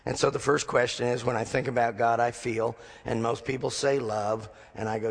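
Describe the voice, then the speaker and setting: Gravelly pastor preaching in a reverberant hall. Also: male voice, mid-range voice, fairly even intonation, moderate pace, few pauses. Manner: storytelling with dry humor, acting out dialogue. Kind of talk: sermon.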